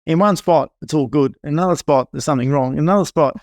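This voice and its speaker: A middle-aged man, a property inspector guest on a podcast interview, telling animated stories and acting out quotes. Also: on the high side, fast, dry recording, studio quality. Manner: animated storytelling, acts out quotes.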